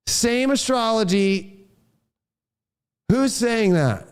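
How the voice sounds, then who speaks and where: A man with a high-pitched voice delivers an astrology forecast as a fierce, expletive-heavy rant. He is a father and talks in a heated, combative way. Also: expressive, normal speed, darkish tone. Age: adult, a father. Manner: heated, profane ranting.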